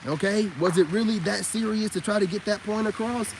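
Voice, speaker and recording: A man's voice: high-pitched, brisk, creaky, few pauses, slight background noise. A man in a casual vlog monologue, giving blunt, preachy advice to men in heavy slang and often asking if you get what he's saying. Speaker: vlogger and self-styled spiritual coach.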